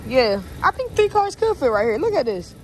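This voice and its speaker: A woman's voice: high voice, big pitch swings, normal speed. A young woman vlogging to her phone camera from a car and outside in the rain. She talks straight to her viewers and swears freely. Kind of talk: casual vlog chat to camera. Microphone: phone camera held by hand. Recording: noisy car and street background.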